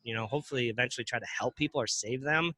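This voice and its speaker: A man's voice: mid-range voice, very fast, bright, forceful tone, no echo. A man who runs a crypto ATM business, being interviewed in casual talk, often restarting and repeating words as he explains.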